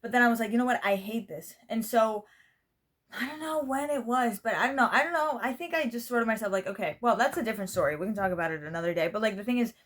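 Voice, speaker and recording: A woman's voice: on the high side, lively intonation, fast, a bit bright. A young woman from Spain, a native Spanish speaker, speaks English with an American-style accent. Her vlog talk to the camera is casual and meandering. She keeps looping back to "you know what I mean" and swears without a second thought. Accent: American-style English pronunciation. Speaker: vlogger.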